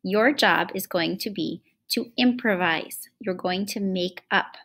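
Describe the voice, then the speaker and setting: Woman music teacher, patient and encouraging, online lesson for kids, computer mic, mid pitch. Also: a bit bright. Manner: patient, encouraging, slows right down for chanted lines. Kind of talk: online classroom lesson for children.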